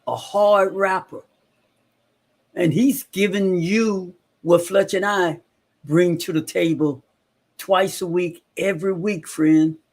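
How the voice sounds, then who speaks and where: A man's voice: sits high, fairly even intonation, slow pace. A man co-hosting a motivational talk show, preaching to listeners and repeating lines for emphasis. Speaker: podcast co-host.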